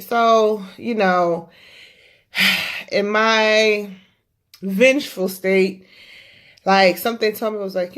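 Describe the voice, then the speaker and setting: A woman hosting a podcast, telling a story in a casual, animated and profane way. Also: medium pitch, slow. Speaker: podcast host.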